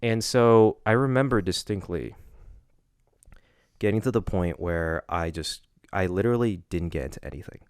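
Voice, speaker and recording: A young man with a very low voice talks in a casual podcast chat. He tells his story earnestly, stopping and restarting often, and the mic is close and dry. There is no room sound around him. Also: smooth, no room sound. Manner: halting, emotional storytelling with many restarts. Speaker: podcast co-host.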